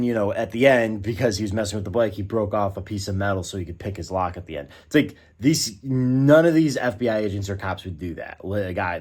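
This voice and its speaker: A man's voice: fairly low pitch, a little mellow. A man giving a casual spoken film review, ranting in exasperation and often restarting and using fillers. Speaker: movie reviewer.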